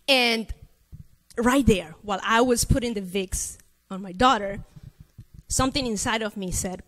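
A woman's voice: fairly high pitch, measured pace. A woman from Latin America preaching a sermon, telling a personal story and asking her listeners questions. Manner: animated storytelling, addresses audience with questions. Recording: long reverb of a hall.

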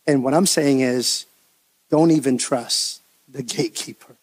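A man preaching as pastor, animated, acting out the voices of the people he quotes. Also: medium pitch, measured pace, husky. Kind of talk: sermon.

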